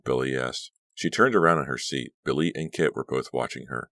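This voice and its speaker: A man narrating a suspense audiobook with measured, dramatic storytelling. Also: rumbling low, gravelly, pushed and bright, no echo, studio quality. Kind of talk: scripted narration.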